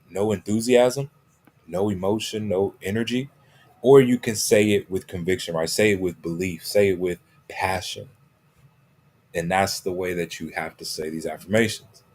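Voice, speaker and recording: A man with a low, husky voice gives a motivational coaching talk. He leans on repeated key phrases and punctuates nearly every point with "right?" or "okay?". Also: darkish tone. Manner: checks in constantly with "right?" and "okay?".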